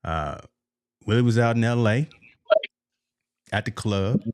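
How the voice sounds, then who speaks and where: Man, deep voice, dry sound, sports talk host, casual, repeats words. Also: a little slow, clean tone, dry recording. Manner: laid-back, repeats words when starting. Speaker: podcast host.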